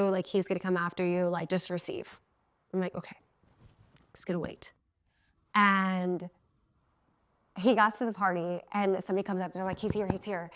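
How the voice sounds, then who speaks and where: A woman in her thirties hosts a podcast and tells a personal story in a casual, chatty voice. She slips into her own past lines as she tells it and laughs between phrases. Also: medium pitch. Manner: laughs often mid-sentence. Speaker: podcast host.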